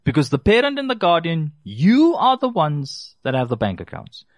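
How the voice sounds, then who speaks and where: A man's voice: fairly high pitch, huge pitch swings, normal speed, no echo. A man giving consumer advice, talking directly to listeners and repeating key phrases for emphasis. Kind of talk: casual advice talk to listeners.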